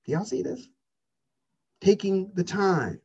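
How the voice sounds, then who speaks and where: A man's voice: high-pitched, sing-song, slow, a little mellow, husky, lo-fi sound. A man preaching a sermon, calling out questions to his congregation. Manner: preaching with call-outs to the congregation. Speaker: pastor.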